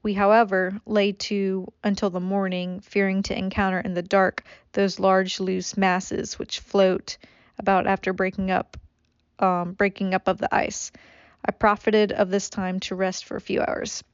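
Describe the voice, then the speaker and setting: A woman's voice: mid-range voice, level tone, unhurried, clean tone, no room sound, dull audio. Casual woman reading a classic aloud. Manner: reads aloud with stumbles and swearing asides. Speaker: audiobook reader. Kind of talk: casual amateur audiobook reading.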